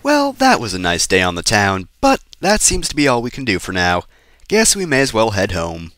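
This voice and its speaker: A man narrating his playthrough of a game with a sarcastic, joking edge, talking back at the characters. His pitch swings widely as he reacts. The sound is dry and close, with no room around it. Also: huge pitch swings, normal speed, fairly bright tone, dry recording. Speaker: let's play host. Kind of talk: gameplay commentary.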